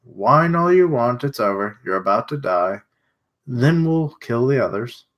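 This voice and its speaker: A man voicing a cold, scornful soldier who is a villain in a comic he reads aloud, speaking with a sneering, contemptuous tone in an unhurried delivery. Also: medium pitch, lively intonation, fairly bright tone.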